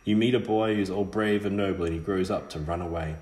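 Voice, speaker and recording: A man voicing a sharp-tongued ghostly witch girl in an audiobook reading. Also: sits low, quick pace, reverberant, close to an everyday voice. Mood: scolding.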